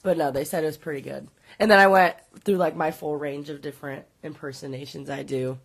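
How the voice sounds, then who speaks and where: A woman's voice: sits low, brisk, vocal fry, husky. A young American woman joking around in casual podcast chat. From United States. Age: young adult. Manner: lively, joking. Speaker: podcast co-host.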